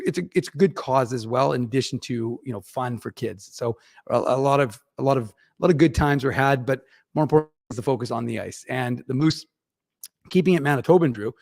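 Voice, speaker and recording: Gravelly-voiced chatty man. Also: mid-range voice, no room sound, studio quality. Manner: rambling, chatty, many fillers and restarts. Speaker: regular podcast contributor reporting on the Moose. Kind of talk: casual hockey podcast chat.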